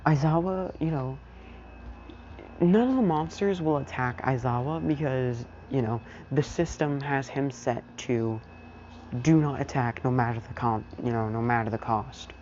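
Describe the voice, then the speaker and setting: A man's voice: medium pitch, measured pace, a little mellow, highs cut off, a little hiss or hum. Rambling young man telling a fan story. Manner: leans heavily on "you know", rambling. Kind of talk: casual improvised story narration.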